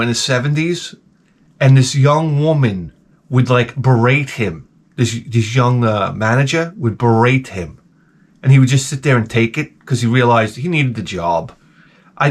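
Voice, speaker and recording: A man in his forties giving a comedic monologue as a YouTuber, ranting with exaggerated outbursts. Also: medium pitch. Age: 40s.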